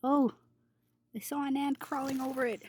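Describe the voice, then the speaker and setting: A woman's voice: mid-range voice, slow, a little hiss or hum. A woman giving a casual garden tour in her vlog, giddy and giggly, outdoors in her home garden. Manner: giddy, giggly, over-excited. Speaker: gardening vlogger.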